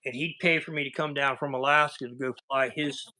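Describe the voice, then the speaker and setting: A man's voice: medium pitch, fairly even intonation, a little fast, sharp tone. A man with a Southern American accent hosting a casual livestream chat, telling rambling, folksy stories over a video call. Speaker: livestream host.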